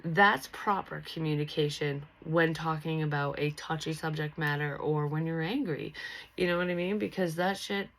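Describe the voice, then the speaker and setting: Young woman, low voice, blunt sweary storytime vlog, lots of restarts. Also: moderate pace, a bit bright, poor audio. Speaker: psychic medium vlogger. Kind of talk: casual storytelling to camera.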